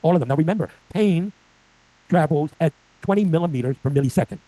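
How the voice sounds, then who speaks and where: A man's voice: a little high, expressive, quick pace, mellow, dry recording, rough recording. An older man giving a live lecture to clinicians with slides, asking the audience questions and acting out patients' complaints. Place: lecture room.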